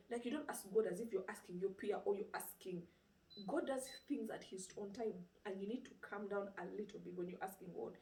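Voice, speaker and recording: Retelling a story during an informal sermon, a woman preacher keeps it lively with rhetorical questions and constant "you know". Her medium-pitched voice comes fairly quickly, picked up far from the mic in a roomy-sounding room.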